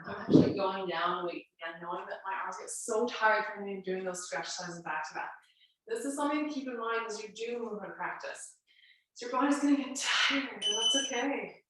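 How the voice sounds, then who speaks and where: A woman's voice: mid-range voice, fairly bright tone. A woman fitness instructor with a congested, nasal voice, giving chatty, reassuring cues through a guided workout. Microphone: camera mic at a distance. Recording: very echoey room, voice far from mic.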